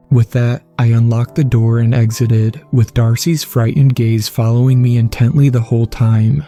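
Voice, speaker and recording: A man's voice: mid-range voice, flat delivery, normal speed, few pauses, mellow. A man reading a scripted horror story aloud as narrator, speaking every character's lines himself. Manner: reads all the dialogue himself in a plain voice. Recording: faint music underneath.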